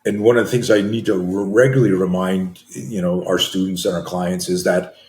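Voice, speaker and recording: Low-voiced animated man in his sixties. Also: a little fast, roomy sound. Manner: animated storyteller, acting out dialogue, frequent restarts. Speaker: guest, self-defense and fear management coach. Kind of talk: storytelling in a podcast interview.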